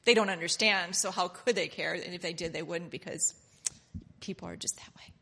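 A woman voicing a soft, coaxing demon spirit of self-pity that speaks in a hushed, intimate, wheedling way. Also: lowish voice, brisk, creaky, big-room sound, voice pushed down, heavily acted.

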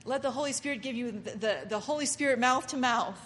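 Animated woman preacher with a high voice, echoey hall, acts out scenes. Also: fast talker, a little hiss or hum. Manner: dramatic, acts out voices, laughs often. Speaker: Bible teacher and preacher. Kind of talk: animated sermon-style Bible teaching.

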